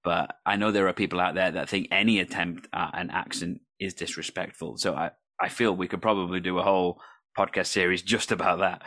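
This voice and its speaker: A man talking thoughtfully in a casual podcast chat about improv, measured, with the odd restart. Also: low-pitched, fairly even intonation, fairly bright tone, dry recording. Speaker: podcast co-host.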